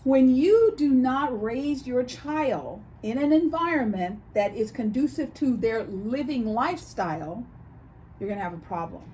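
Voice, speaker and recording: A woman's voice: on the high side, a little slow. A woman co-hosting a casual chat show, telling stories and acting out quoted voices as she talks. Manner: animated storyteller, acts out quoted voices. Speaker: co-host.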